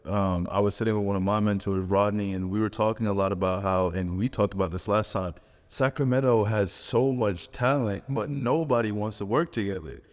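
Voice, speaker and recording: A man's voice: lowish voice, fairly quick, big-room sound. A man hosting a podcast in casual chat, talking loosely with a lot of "like" and "um". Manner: loose, filler-heavy talk with lots of "like". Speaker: podcast host.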